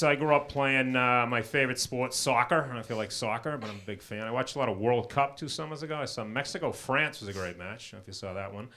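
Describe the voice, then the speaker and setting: A middle-aged man performing a stand-up comedy set, with a dry, punchline-driven delivery and quick asides to the crowd. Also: medium pitch. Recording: loud background noise.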